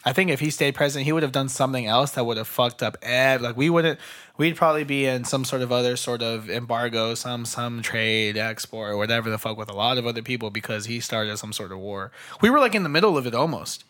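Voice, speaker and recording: A man's voice: medium pitch, fast, fairly bright tone. A young man co-hosting a podcast in casual chat, rambling and slangy, swearing freely. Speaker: podcast co-host.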